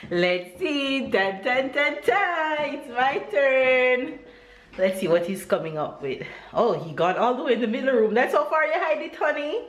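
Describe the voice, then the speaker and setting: A young woman chatting casually as a vlogger, gushing and excitable. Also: a little high, measured pace, reverberant. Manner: bubbly, gushing, squealing with excitement. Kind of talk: casual vlog chat. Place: home, then outdoors in a town.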